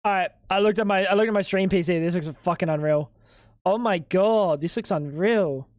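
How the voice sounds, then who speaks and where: A man's voice: sits high, normal speed, a little mellow, no room sound. Joking streamer guy, dry close mic. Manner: banter with chat, crude and joking. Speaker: livestreamer. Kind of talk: casual live-stream chat.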